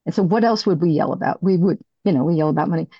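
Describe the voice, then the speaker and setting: A middle-aged woman giving a candid, halting personal recovery share as a speaker. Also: lowish voice, dry recording, highs cut off.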